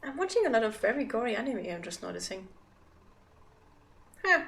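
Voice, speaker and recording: A woman in her thirties chatting on a livestream while she waits in a game queue. Her voice is bright and a bit forceful, pitched on the higher side, and she rambles in a chatty, self-deprecating way. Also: sing-song, a little fast, vocal fry. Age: 30s. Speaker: game streamer. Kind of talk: casual livestream chat.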